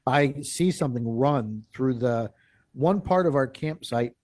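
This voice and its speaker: A man's voice: medium pitch, measured pace, no echo. A man telling a long field story as a guest in a live interview, acting out what people said and often restarting his sentences. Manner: animated, acts out quoted speech; rambling with frequent restarts.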